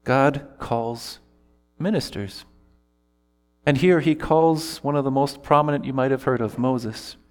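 In a big, echoing space, a man with a mid-range voice preaches a sincere sermon at a slightly slow pace. As pastor, he quotes scripture in expressive character voices.

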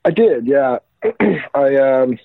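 A man, a former pro hockey player, speaking as a guest and reflecting slowly with many restarts. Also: mid-range voice, lively intonation, dry recording. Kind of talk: casual interview chat. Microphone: phone call. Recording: dry, husky phone line.

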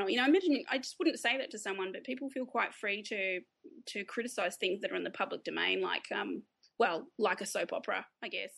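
A woman's voice: medium pitch, brisk, creaky, fairly bright tone. An Australian woman, a guest author, chatting casually in an interview, laughing often and restarting her sentences.

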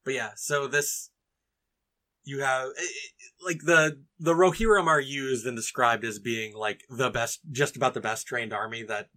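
A man chats casually as a podcast co-host, his voice bright and forward. He talks with eager enthusiasm and now and then reads book passages aloud with relish. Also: medium pitch, steady tone, measured pace. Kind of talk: casual chat and book reading.

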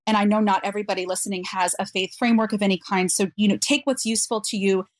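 A woman guest on an interview podcast, telling a personal story in an earnest, reflective way with frequent pauses. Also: medium pitch, steady tone, no echo.

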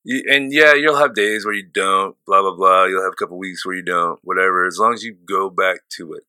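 A man's voice: sits low, fairly quick, sharp tone, smooth, dry recording. A man with a St. Louis accent co-hosting a podcast in casual chat, giving emphatic, motivational advice and swearing freely. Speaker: podcast co-host.

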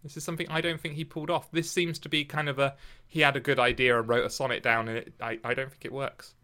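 Bright-voiced man, halting. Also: medium pitch, flat delivery. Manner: halting, restarts often, thinks aloud. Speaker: podcast co-host discussing poetry. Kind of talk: casual literary discussion.

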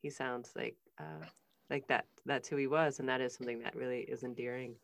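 A woman interviewing a guest, gentle and responsive, sharing a bit of her own family. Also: extremely low pitch, fairly even intonation, fairly quick. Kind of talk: interview conversation.

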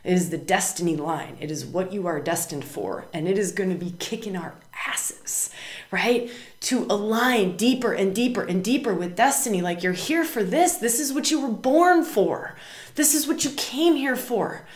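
A woman's voice: mid-range voice, expressive, normal speed. Woman podcast host for a spiritual astrology show, emphatic and repetitive, recorded in a roomy space. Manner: emphatic, repeats words and tags "right?".

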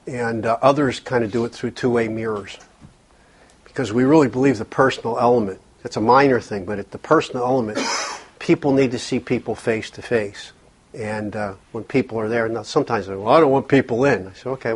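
Man, workshop speaker, husky voice, earnest, conversational, repeats words. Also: medium pitch.

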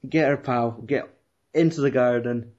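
A man's voice: mid-range voice, a little slow, darkish tone. A young man rambling, swearing and laughing as he retells a film in casual chat. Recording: dull lo-fi recording.

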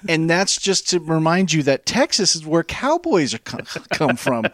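A man in casual podcast chat, picking apart a movie's clichés with sardonic, deadpan complaints. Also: on the high side, moderate pace, no room sound, studio quality.

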